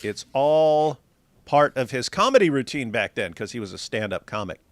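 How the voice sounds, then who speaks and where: A man's voice: mid-range voice, sing-song, moderate pace, no room sound. A man hosting a casual live stream, reading viewer comments aloud with dry, wry humor. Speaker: show host.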